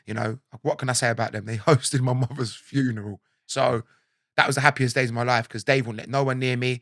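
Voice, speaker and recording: South london guy in his 40s telling stories, bright voice, acts out quotes, dry close sound. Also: medium pitch, fairly quick, dry recording. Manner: animated storyteller, acts out quotes, laughs often. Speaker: guest. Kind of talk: casual interview chat.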